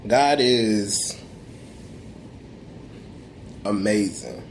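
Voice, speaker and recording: Speaking extremely slowly, with vocal fry and a lowish, expressive voice, this young man delivers a motivational faith talk to camera. As a vlogger, he preaches about perseverance in emphatic slang, testifying and restarting repeatedly over slight background noise.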